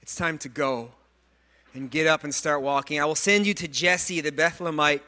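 Bright-voiced, high-pitched male preacher. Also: moderate pace. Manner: earnest, animated preaching with repeated words and asides; self-deprecating humor. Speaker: pastor. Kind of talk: sermon.

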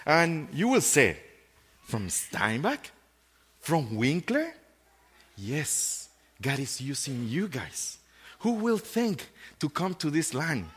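Earnest preaching man with halting restarts. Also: fairly high pitch, very animated, a bit bright, breathy edge, big-room sound. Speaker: pastor. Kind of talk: sermon.

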